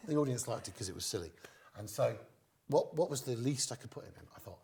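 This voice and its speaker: A middle-aged man, a guest comedian, telling stage anecdotes in an interview as a lively storyteller who acts out quoted lines. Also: medium pitch, fast talker, vocal fry.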